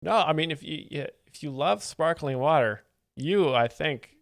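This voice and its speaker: Streamer guy making dry amused asides, slightly high voice, dead dry close mic. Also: expressive, moderate pace, creaky, no echo. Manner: wry, chatty, amused asides. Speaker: host explaining jokes. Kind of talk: casual reaction commentary.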